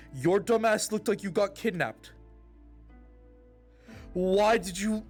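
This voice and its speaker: A man recapping a roleplay night with loud, profane, animated storytelling. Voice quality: swears freely, gets loud and high when quoting. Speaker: roleplay streamer recapping his character's night.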